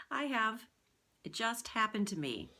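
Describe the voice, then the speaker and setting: Lively woman giving voice tips. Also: fairly high pitch. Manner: lively, chatty, demonstrative. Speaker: communication coach and voiceover artist. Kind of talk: direct-to-camera tips video.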